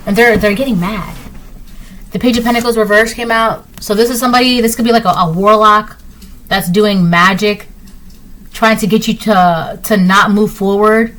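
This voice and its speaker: A woman's voice: medium pitch, normal speed, a bit bright, slight background noise, low-quality recording. A woman giving a casual tarot reading to her viewers. She repeats herself often and keeps checking in with "right?". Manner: acts out little voices in her examples. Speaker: tarot reader.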